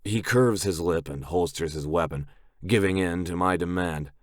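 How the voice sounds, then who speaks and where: A man's voice: deep voice, moderate pace, no room sound, studio quality. A man narrating a romance audiobook in first person, in a gritty, blunt way.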